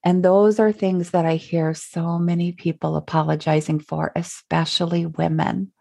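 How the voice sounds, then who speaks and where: A woman's voice: on the low side, little pitch movement, normal speed, creaky, mellow. A middle-aged woman from Minnesota with a Minnesotan accent, hosting her solo podcast in a reflective, chatty way with fillers and small laughs. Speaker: podcast host. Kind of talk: casual solo podcast talk.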